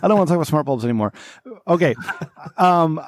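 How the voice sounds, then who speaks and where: A middle-aged man hosting a crude, casual podcast, telling rambling stories with lots of swearing and excited outbursts. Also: on the high side, quick pace. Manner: profane, excitable storyteller. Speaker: podcast host.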